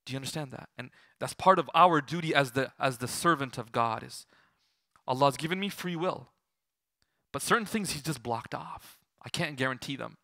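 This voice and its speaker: Young man teaching an Islamic lesson, lively and questioning, bright voice. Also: medium pitch, moderate pace, vocal fry, no room sound, studio quality. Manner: animated, asks the audience questions. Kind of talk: Islamic lecture to an audience.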